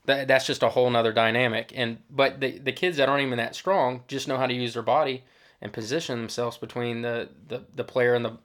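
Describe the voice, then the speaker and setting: A man, a former professional player co-hosting a soccer show, explaining in casual chat with halting restarts. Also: medium pitch, fairly even intonation, a bit bright.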